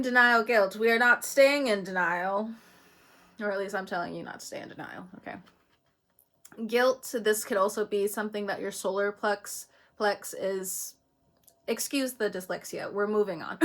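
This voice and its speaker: A woman's voice: medium pitch, fairly bright tone. Laughing, chatty woman reading astrology. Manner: chatty, laughs often between phrases, swears casually. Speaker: astrology reader. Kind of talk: casual spiritual reading to camera.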